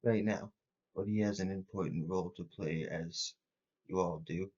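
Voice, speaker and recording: A man voicing a cold entity that speaks through a young man in a flat monotone. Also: sits low, normal speed, breathy edge, lo-fi sound. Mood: flat, cryptic.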